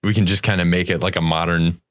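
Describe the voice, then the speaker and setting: A man's voice: low-pitched, fairly even intonation, fast talker. A young man co-hosting a podcast, telling rambling stories in casual chat, swearing and laughing mid-sentence. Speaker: podcast co-host.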